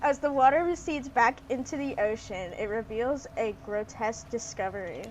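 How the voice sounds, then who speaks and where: A woman's voice: fairly high pitch, normal speed, hardly any pauses, very noisy. A woman streaming a dating sim, chatting playfully and reading the story text aloud with a lot of giggling. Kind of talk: casual gaming commentary, reading game text aloud.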